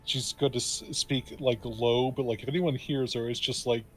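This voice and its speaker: A man playing a tabletop game, talking casually in halting bursts with many fillers. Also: medium pitch, steady tone, rough recording. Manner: halting, lots of fillers and restarts. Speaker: player.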